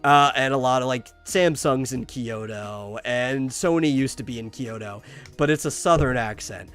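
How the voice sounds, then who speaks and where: A man's voice: medium pitch, normal speed, a bit bright, clean tone, faint music behind. A man co-hosting a casual podcast chat who rambles and restarts his sentences, repeating words as he goes. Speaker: podcast co-host.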